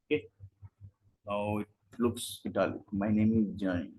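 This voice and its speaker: A man's voice: lowish voice, fairly even intonation, normal speed, long pauses, dark tone, poor audio. A man teaching a live online coding class, explaining in short steps and asking rhetorical questions. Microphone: video call.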